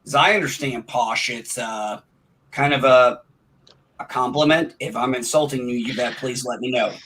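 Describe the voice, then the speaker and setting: Brief: man, Midwestern-Southern accent, rambling casual chat, bright voice. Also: medium pitch, normal speed, slight background noise, low-quality recording. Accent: Midwestern with a Southern tinge. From Illinois, near St. Louis. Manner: rambling, restarts often.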